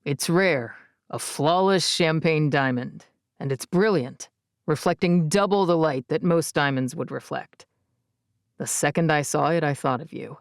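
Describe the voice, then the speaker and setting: Woman voicing a soft-spoken earnest young man. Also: sits low, a little slow, no echo, clean studio sound, voice pushed down. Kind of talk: audiobook character reading. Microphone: close studio mic, dry.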